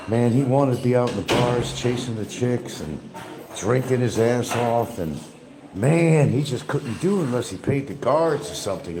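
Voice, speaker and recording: Male livestream host, casual and profane, voice swinging up and down, faint noise behind. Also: medium pitch. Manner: profane, laughing along, loose and rambling. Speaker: livestream host reading chat. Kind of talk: casual rambling chat.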